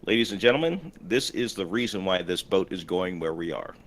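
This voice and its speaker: A man's voice: low-pitched, moderate pace. A man role-playing a ship captain in a tabletop game, giving orders in a hesitant way with lots of fillers. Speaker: player acting as ship captain. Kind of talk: in-character role-play.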